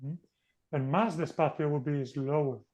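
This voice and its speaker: A man's voice: fairly high pitch, normal speed, darkish tone. A man teaching a beginner language class over a video call, patient and coaxing, switching between two languages. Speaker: Spanish teacher. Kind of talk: teaching an online group class.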